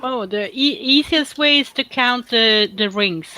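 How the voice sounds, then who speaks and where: A chatty woman co-hosting a livestream, her voice pitched a little high and very bright. She talks in a relaxed, teasing way with her friends. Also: measured pace, dry recording, poor audio. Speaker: co-host of a woodworking livestream. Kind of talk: casual live chat.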